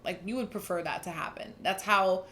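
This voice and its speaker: A young woman does a casual, earnest tarot reading, speaking emphatically and often starting over. Her mid-range voice is brisk and a little bright, with fairly even intonation. There's slight background noise.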